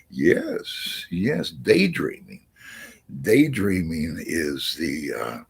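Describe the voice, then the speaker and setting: A man hosting a live astrology chat stream, talking haltingly with many restarts and reading viewer messages aloud. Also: extremely low pitch, big pitch swings, vocal fry, breathy edge. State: out of breath.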